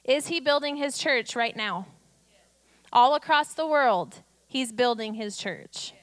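A woman's voice: on the high side, expressive, slow, no room sound. Woman pastor preaching in a dry, close sound. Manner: conversational preaching, rising to emphatic declarations. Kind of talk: sermon.

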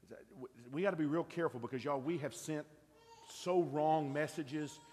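A man's voice: fairly high pitch, moderate pace, darkish tone, breathy edge, long reverb tail. A middle-aged man, preaching an earnest, conversational sermon and asking his congregation questions. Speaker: pastor. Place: church sanctuary.

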